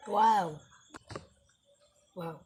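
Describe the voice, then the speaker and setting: A woman's voice: fairly low pitch, extremely slow, darkish tone, slightly rough. A woman unboxing toys in casual, playful commentary. She chats to the toy figures and apologizes to them, with non-native phrasing. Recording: noisy home recording.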